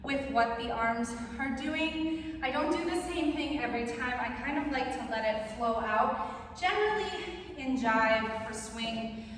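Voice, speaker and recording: A woman's voice: a little high, measured pace. A young woman teaching a dance routine, counting beats in rhythm and explaining the steps. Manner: calls counts loudly over music. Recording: roomy echo, distant mic, faint noise.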